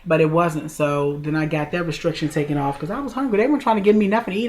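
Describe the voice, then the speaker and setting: A woman in her forties telling a personal story in a casual vlog, chatty and talking straight to her viewers. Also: on the low side. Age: 40s. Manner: chatty, addresses viewers directly, drawn-out emotional retelling. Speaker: vlogger.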